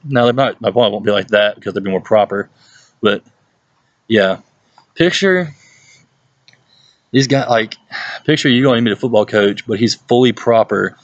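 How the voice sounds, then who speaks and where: A youth pastor from Mississippi with a Southern accent, talking casually and playfully in an advice vlog at home. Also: male voice, normal speed, pauses often, no room sound, dull audio. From Hattiesburg, Mississippi, USA. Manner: chatty and playful, jumps into exaggerated high-pitched voices when quoting people. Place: at home, with his dog nearby.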